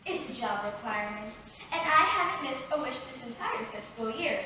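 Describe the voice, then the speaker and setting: A woman's voice: fairly high pitch, animated, normal speed, pushed and bright, recorded from a distance, a little hiss or hum. An actress playing a sassy, chatty female fairy godmother in a live youth theatre show, talking in a playful, theatrical way. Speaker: stage actor. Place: theatre stage. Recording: echoey stage taped from afar.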